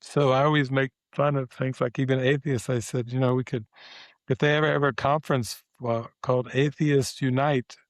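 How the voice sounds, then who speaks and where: An older man, a spiritual teacher, talking as a guest in a relaxed interview, meandering and reflective with many pauses and fillers. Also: mid-range voice, dry recording. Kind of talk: casual interview talk.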